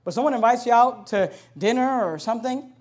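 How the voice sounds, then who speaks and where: A man preaching as a pastor, forceful and direct, reading scripture loudly and slowly, then rushing through quick asides to the congregation. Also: very high voice, animated. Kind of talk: sermon.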